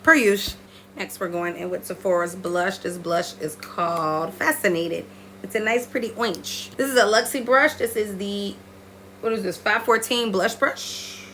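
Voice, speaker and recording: A woman talking viewers through her makeup in a playful, chatty tutorial, breaking into high squeals now and then. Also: normal speed, slight background noise. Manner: lively, playful, talks straight to viewers. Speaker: beauty vlogger.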